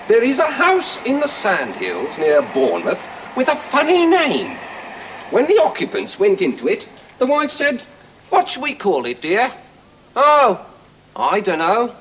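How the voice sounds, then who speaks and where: An actor playing a prim, moralizing English gentleman, pompous and preachy, in a 1970s TV sketch. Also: high-pitched, slight background noise, heavily acted, rough recording.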